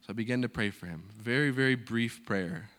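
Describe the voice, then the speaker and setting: A young man preaches as a guest speaker from a church stage, telling his story with animated energy. He acts out each person's lines as he goes. His voice sits at an ordinary middle pitch. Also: fairly quick. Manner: animated storyteller acting out dialogue. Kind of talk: sermon storytelling.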